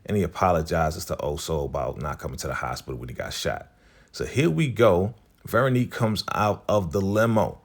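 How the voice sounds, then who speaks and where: Deep-voiced man casually recapping a show. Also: fairly quick, gravelly. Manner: laid-back slangy retelling, acting out characters' lines.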